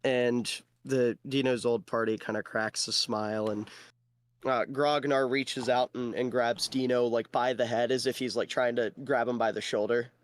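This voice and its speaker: A man's voice: mid-range voice, little pitch movement, normal speed. A man running a tabletop game as game master, narrating in a loose style full of fillers and restarts.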